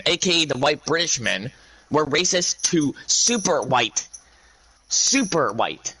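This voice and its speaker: A man speaking to his viewers in a rambling monologue, ranting in a halting way with many restarts. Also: medium pitch, sharp tone, slightly rough, low-quality recording.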